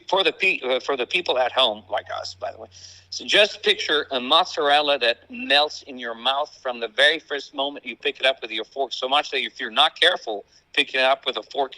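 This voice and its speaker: A man with an Italian accent, a guest in a casual chat, talking in an animated way. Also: medium pitch, no room sound, poor audio. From Italy. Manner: animated, acts out family quotes.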